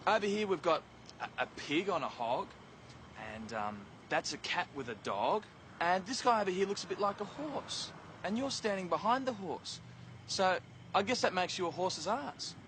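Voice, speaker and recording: A cheeky Australian wisecracker. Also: male voice, high-pitched, big pitch swings, moderate pace, fairly bright tone, slight background noise. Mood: sarcastic. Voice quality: sarcastic. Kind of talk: TV drama acting.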